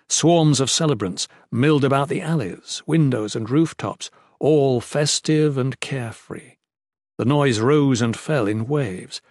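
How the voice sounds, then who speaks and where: In studio-quality audio free of room sound, a mid-range male voice tells a fantasy story for an audiobook, calm and measured throughout.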